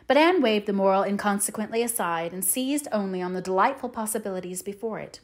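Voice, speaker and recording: A woman narrates a classic novel as an audiobook in a medium-pitched voice, using a measured, even storytelling manner.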